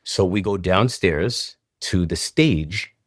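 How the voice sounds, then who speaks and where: Low-voiced man telling a lively story. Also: slow pace, no echo, studio quality. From Canada. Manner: acts out both sides of old phone calls, voice jumping up when excited. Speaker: guest choreographer. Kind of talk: animated storytelling in an interview.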